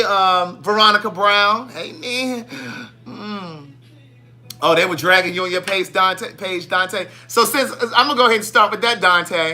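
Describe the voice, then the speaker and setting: Sassy man hosting a live stream. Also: sits high. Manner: playful, sassy, animated shout-outs. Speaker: livestream host. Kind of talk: casual live-stream chat greeting viewers.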